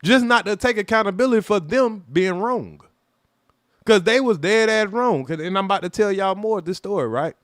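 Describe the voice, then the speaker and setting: Man, high voice, dry and close, tells a story animatedly with lots of cursing. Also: normal speed, no room sound. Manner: animated, profane, acts out quoted voices loudly. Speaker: livestream host telling a personal story. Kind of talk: casual livestream storytelling.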